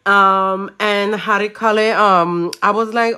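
A woman nail artist, telling a story casually while she does nails at home, animated, swearing freely and slipping into Spanish. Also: medium pitch, a little slow, few pauses, clear, resonant tone. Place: home room.

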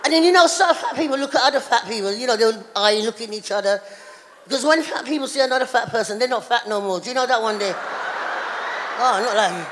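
A middle-aged woman performing a stand-up comedy routine, telling an animated story full of voiced characters. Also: on the high side, fast, a little hiss or hum. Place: town hall stage. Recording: live in a reverberant hall.

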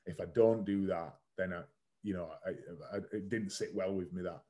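A man's voice: sits low, moderate pace, dark tone. A man in his thirties, a podcast guest, telling his story frankly and casually, swearing now and then and using lots of "like" fillers. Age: 30s. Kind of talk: candid conversational storytelling.

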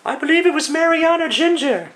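A man voicing a towering female ghost of the past in a lofty, drawn-out falsetto, in a one-man comedic radio play. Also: expressive, fairly bright tone. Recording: roomy echo, distant mic.

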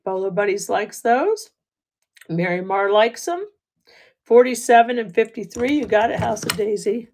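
Raspy-voiced woman selling jewelry live. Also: mid-range voice, animated, moderate pace, a little mellow. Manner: chatty, laughs often, thanks bidders by name. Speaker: livestream jewelry seller. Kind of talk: live auction selling chat.

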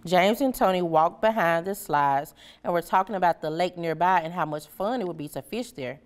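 Woman reading a children's story, lowish voice. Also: normal speed, few pauses. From Memphis area, USA. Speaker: storybook reader.

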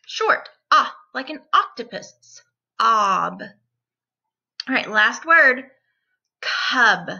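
A woman teacher giving a distance-learning phonics lesson to young children, repeating each word and sounding it out deliberately. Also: high voice, lively intonation, sharp tone, slightly rough, highs cut off.

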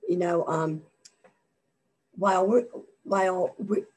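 Woman, webinar presenter, husky and low, voice worn down by allergies, hesitant delivery. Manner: halting, many fillers and repeated words. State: losing her voice from allergies. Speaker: government contracting presenter.

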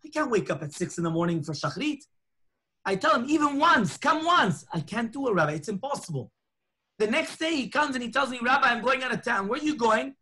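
A man's voice: very high-pitched, quick pace, husky. A man, a rabbi, teaching a lunchtime Torah class, telling stories and acting out the dialogue. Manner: animated storytelling, acting out dialogue.

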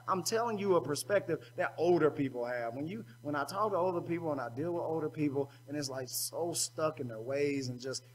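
A man's voice: on the high side, a little hiss or hum, low-quality recording. A man preaching a sermon at a youth seminar, colloquial and call-and-response in manner.

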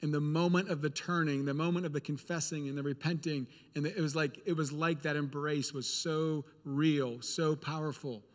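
A man's voice: fairly high pitch, steady tone, normal speed, hardly any pauses, long reverb tail. A male preacher giving a sermon in a church, speaking earnestly and repeating phrases for emphasis.

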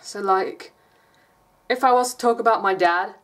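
A woman's voice: medium pitch, moderate pace. A woman from England with an English accent, chatting casually in a rambling vlog and laughing often. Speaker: vlogger.

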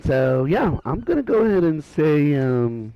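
An excitable man commentating a gaming match from home. His voice swings widely in pitch as he reacts to plays. The sound is dry and close, with no room around it. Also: measured pace, dry recording, lo-fi sound. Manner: excitable, loud exclamations at plays. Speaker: game commentator.

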